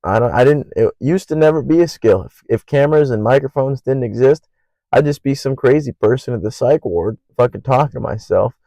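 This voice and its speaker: A young man hosting his own podcast alone, rambling in an earnest, profane way and naturally loud. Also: medium pitch, animated, brisk, vocal fry, no echo, rough recording. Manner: loud by habit. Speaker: podcast host. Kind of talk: casual solo podcast monologue.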